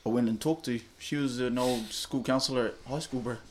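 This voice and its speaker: Young New Zealand man, blunt and slangy, swears freely, speaks low-key and candid. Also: fairly even intonation, a little fast, darkish tone, slight background noise. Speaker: interviewee. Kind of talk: candid personal story, casual chat.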